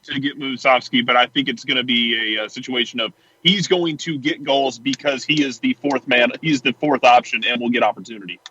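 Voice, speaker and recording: A man's voice: mid-range voice, brisk, few pauses, bright, forceful tone. A man co-hosting a casual soccer podcast, blunt and joking in his takes. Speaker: podcast co-host. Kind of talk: casual sports chat. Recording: dull lo-fi line with faint noise.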